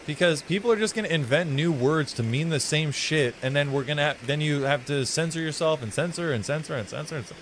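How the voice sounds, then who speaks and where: A man with a mild, flattened American Southern accent, rambling, swearing and musing playfully while he streams a game. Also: on the high side, a little hiss or hum, low-quality recording. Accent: mild American Southern, partly flattened. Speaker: live streamer. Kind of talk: casual gameplay commentary.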